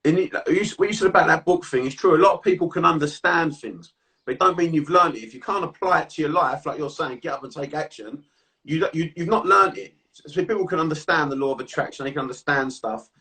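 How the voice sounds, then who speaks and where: A man's voice: on the high side, fast, sharp tone, distant mic. A man in a casual chat, telling stories in a sweary, easygoing way. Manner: storytelling, sweary, laughs easily. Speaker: podcast host.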